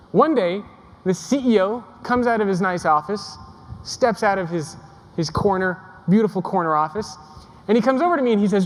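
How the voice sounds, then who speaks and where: Young man, keynote speaker, self-deprecating, joking with the crowd, high voice, echoey conference hall. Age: young adult. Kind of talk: humorous keynote storytelling. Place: large conference hall before a live audience.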